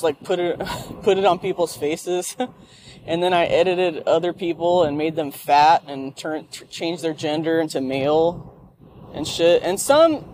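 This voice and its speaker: A woman's voice: lowish voice, a little mellow, a little hiss or hum. Profane woman ranting while driving. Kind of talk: rambling monologue while driving. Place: car.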